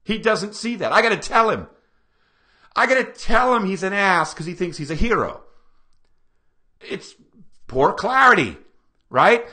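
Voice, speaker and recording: A man presenting a seminar to a live audience, energetic and full of rhetorical questions aimed at the room. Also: high voice, measured pace, long pauses. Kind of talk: live lecture to a small audience.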